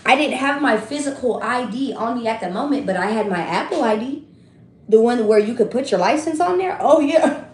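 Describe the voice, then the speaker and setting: Young woman in her twenties, chatty and animated, speaking in an echoey room. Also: fairly high pitch, a little fast. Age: 20s. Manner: animated, talkative, slangy, swings between loud and hushed. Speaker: tarot reader and streamer. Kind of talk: casual storytelling to viewers.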